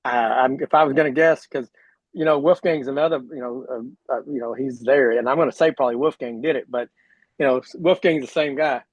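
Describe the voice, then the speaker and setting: A man's voice: medium pitch, brisk, no room sound, highs cut off. A man with an Oklahoma drawl, a guest on a casual podcast, rambling with lots of "you know" and restarts. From Oklahoma, USA. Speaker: guest, sprint car driver.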